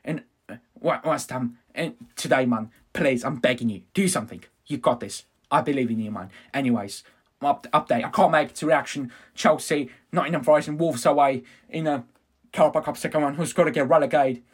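A man ranting in a reaction vlog, swearing and swinging from angry shouts to low, sheepish mumbling. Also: brisk, husky. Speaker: fan reaction vlogger.

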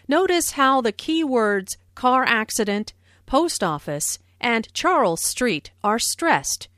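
A woman reading a scripted English lesson, explaining phrases slowly and clearly. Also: a little high, big pitch swings, fairly bright tone, dry recording, studio quality. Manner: slow, clear, carefully enunciated. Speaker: English teacher. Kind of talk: scripted language lesson with dialogues.

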